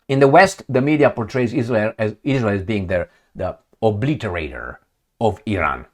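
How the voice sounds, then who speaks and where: Here a man rants about politics on video with plenty of profanity, heat, and sarcasm, his voice a little high and sing-song at a moderate pace. He quotes news excerpts aloud, then mocks them with put-on voices.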